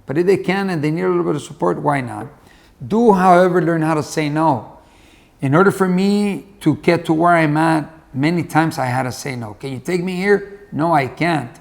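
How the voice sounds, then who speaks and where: A man's voice: fairly high pitch, normal speed, creaky. A man giving a motivational talk in a folksy, conversational way, telling a farm fable and repeating his key points. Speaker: motivational speaker. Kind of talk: motivational storytelling monologue.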